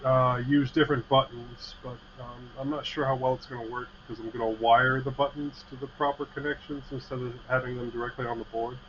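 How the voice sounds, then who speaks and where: A man's voice: medium pitch, little pitch movement, brisk, few pauses, a bit bright. A man co-hosting a casual livestream chat, talking in a rambling, friendly way about his tech projects. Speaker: podcast co-host. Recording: slightly dull mic with faint hiss.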